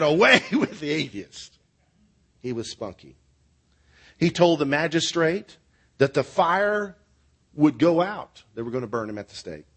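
A male pastor preaching a sermon, telling stories in an earnest way and closing in prayer. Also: mid-range voice.

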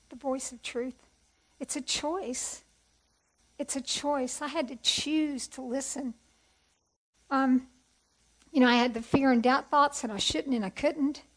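A woman's voice: high-pitched, fairly bright tone, poor audio. A middle-aged woman sharing a personal testimony at a women's conference, earnest and conversational, often asking rhetorical questions. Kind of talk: testimony sermon.

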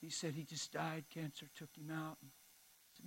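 A man, a pastor telling a story in a sermon, acting out both sides of the conversation and swinging from hushed to loud. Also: a little high, flat delivery, normal speed, slightly rough, low-quality recording.

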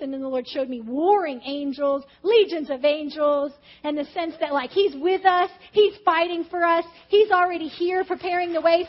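High-voiced woman giving an animated sermon. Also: dull audio. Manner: animated, acts out her own past reactions. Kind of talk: testimony-style sermon.

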